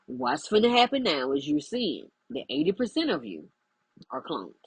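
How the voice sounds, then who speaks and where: A woman's voice: lowish voice, wildly swooping pitch, normal speed, gravelly, slightly rough, dry recording, poor audio. A woman, speaking as a spiritual life coach in an emphatic, preachy monologue. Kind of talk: direct-to-camera monologue.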